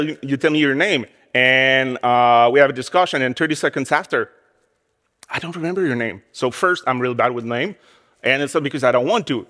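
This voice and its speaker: A man's voice: medium pitch, a bit bright. A man in his forties with a French Canadian accent giving a candid, self-deprecating conference talk. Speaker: conference speaker. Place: conference hall. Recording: conference hall with long reverb.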